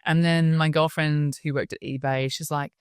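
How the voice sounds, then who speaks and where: Lively Australian woman telling her story. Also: low voice, normal speed, smooth, dry recording, studio quality. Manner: lively storyteller who acts out quoted voices and laughs often. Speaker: interview guest, wellbeing speaker. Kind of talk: storytelling in a podcast interview.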